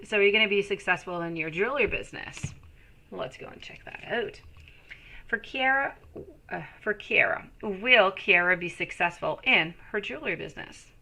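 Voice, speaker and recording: A woman's voice: medium pitch, animated, measured pace, vocal fry, sharp tone. A woman giving live tarot readings to viewers, reassuring and calling them sweetie. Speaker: tarot reader.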